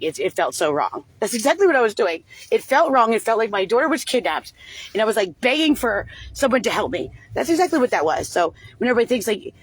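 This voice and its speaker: A woman with a husky, slightly breathy voice speaks in a rambling, agitated livestream monologue. She circles back on her points, restarts her sentences and swears freely. Her pitch sits in an ordinary middle range. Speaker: livestream host.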